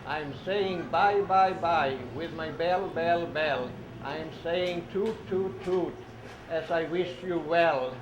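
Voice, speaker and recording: High-voiced man reading train books to kids. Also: steady tone, slow. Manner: sing-song, repeats words, prompts kids to say sounds along. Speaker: storybook reader for children. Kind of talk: reading children's train picture books aloud. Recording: echoey room, dull lo-fi sound with noise.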